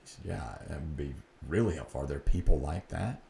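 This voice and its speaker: A middle-aged man with a very low, deep voice tells a personal story in an earnest, reflective way, acting out both sides of a conversation. He sounds like he is in an echoey room, with a faint noise behind him. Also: lively intonation, brisk, vocal fry, warm tone. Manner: earnest, reflective, re-enacts dialogue. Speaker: podcast host.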